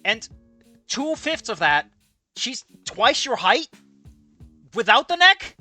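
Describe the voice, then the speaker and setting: A man's voice: very high voice, big pitch swings, takes it slowly, long pauses, bright, forceful tone, dry recording, faint music behind. A man reading a fan story aloud and commenting on it, ranting and swearing with stammering restarts. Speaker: fan fiction reader and commentator.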